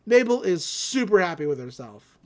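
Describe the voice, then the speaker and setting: A woman's voice: fairly low pitch, sing-song, normal speed, darkish tone. A woman casually recapping a cartoon episode on a podcast, rambling and acting out the characters. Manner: rambling storytelling with fillers and laughs, acting out characters. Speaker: podcast co-host.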